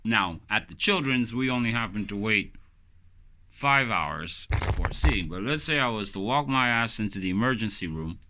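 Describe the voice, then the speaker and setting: A man's voice: fairly low pitch, lively intonation, moderate pace, bright, forceful tone, slight background noise. A man, rambling casually to the camera as a vlogger and joking as he tells stories. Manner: loose, joking storyteller who acts out quoted voices.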